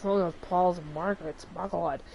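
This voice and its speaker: A woman's voice: fairly low pitch, steady tone, normal speed, gravelly, darkish tone, slightly rough, muffled recording. A woman with a Southern US accent, chatting through gaming commentary in an effusive, rambling way. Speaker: let's play host.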